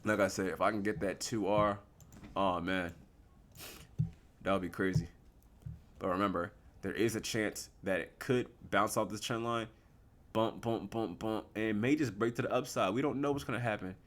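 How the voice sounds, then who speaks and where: A young man giving casual live commentary on his forex trades, slangy and relaxed, asking and answering his own questions. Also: fairly low pitch, normal speed.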